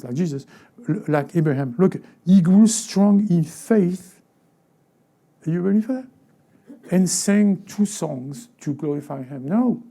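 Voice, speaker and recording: Gravelly, very dark-voiced pastor preaching. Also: male voice, high voice. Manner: acts out short quoted voices, asks the congregation rhetorical questions; repeats words and restarts phrases. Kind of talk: sermon. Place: church sanctuary.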